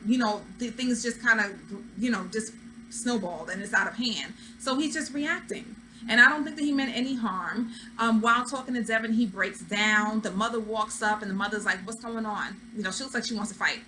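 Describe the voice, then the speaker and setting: A woman's voice: a little high, a little fast, sharp tone, slight background noise, rough recording. A woman hosting a reality TV recap, talking in a casual, opinionated way and acting out what people said. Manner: chatty, opinionated, acts out quotes. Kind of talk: casual commentary.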